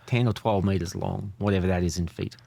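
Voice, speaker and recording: An Australian man from Australia, a guest in a casual interview, telling stories at a relaxed pace with hesitations. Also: low voice, fairly quick, creaky, a little hiss or hum.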